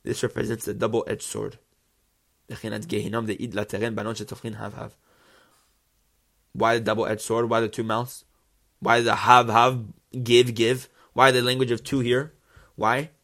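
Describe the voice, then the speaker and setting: A man's voice: fairly low pitch, little pitch movement, normal speed, gravelly, long pauses, fairly bright tone. Man teaching a Torah lesson. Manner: poses rhetorical questions and answers them; reads Hebrew phrases, then translates each. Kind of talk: religious text lesson.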